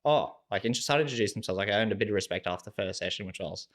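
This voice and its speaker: A man's voice: fairly low pitch, racing. A young Australian man, a podcast guest, casually telling stories and acting out what people said, with "like" in nearly every sentence. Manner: relaxed, animated storyteller acting out quoted dialogue, heavy use of "like". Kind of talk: casual storytelling chat.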